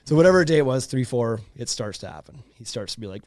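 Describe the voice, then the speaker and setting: Male podcast host in his thirties, casual animated storyteller with a lively pitch and frequent laughs. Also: fast talker, no room sound, clean studio sound. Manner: animated, laughing, many fillers.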